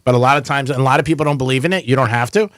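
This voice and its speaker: A man hosts a casual radio talk show, rattling along quickly and needling his caller. His voice is mid-pitched and close to a dry studio mic. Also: fairly bright tone, dry recording. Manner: joking, teasing callers. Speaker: radio host.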